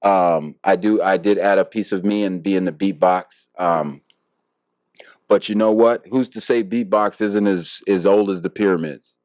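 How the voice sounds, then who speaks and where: A man's voice: deep voice, steady tone, normal speed, darkish tone, dry recording, clean studio sound. A man, a harpist guest in an interview, talking casually and reflectively with many fillers and restarts.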